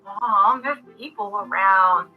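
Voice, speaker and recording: A woman's voice: medium pitch, takes it slowly, phone-quality sound, close to an everyday voice. A woman voicing an embarrassed eighteen-year-old halfling son who mumbles sheepishly.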